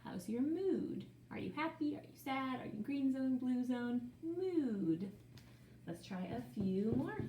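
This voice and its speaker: A woman teaching young children phonics, sounding out words slowly in a playful, sing-song way. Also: high voice, expressive, mellow, reverberant, slight background noise.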